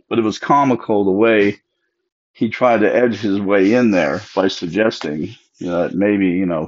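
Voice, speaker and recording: Lowish guy telling old family stories, does the relatives' voices, kinda muffled recording. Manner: acts out relatives' voices in quoted dialogue. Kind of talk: casual storytelling monologue. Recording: dull lo-fi recording.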